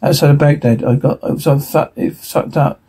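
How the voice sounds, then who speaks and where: A man reading a TV episode transcript aloud in a hurried way, stumbling and restarting words now and then. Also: on the high side, steady tone, dark tone, breathy edge, rough recording. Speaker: reader.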